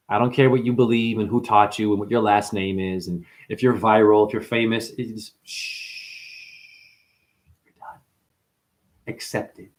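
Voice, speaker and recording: A man hosting a spiritual livestream, talking to his chat in an animated way, calling listeners honey and chanting mantras. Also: fairly low pitch.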